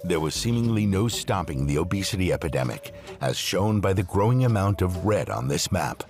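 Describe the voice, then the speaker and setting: A man reading scripted documentary narration in a measured, expressive way. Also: low-pitched. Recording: narration over clear music.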